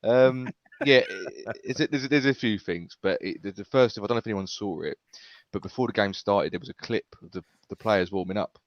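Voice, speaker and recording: Male panelist, low and fast, self-deprecating, joking. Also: dry recording, highs cut off. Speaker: podcast panelist. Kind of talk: casual fan chat on a live stream.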